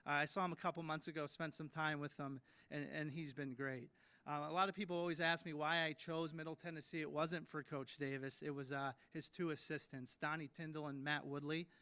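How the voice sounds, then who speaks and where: A man's voice: a little high, little pitch movement, fairly quick, bright, forceful tone, smooth. A man in his late thirties giving an induction speech at a ceremony, telling stories in a self-deprecating way with many fillers and restarts. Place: ceremony hall.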